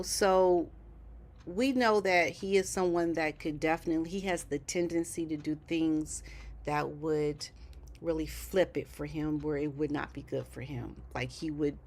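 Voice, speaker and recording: Woman livestream host, slow unhurried talk, chatty with her viewers. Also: low-pitched. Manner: chatty, talks to viewers in chat, keeps asking "okay?". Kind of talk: casual commentary livestream.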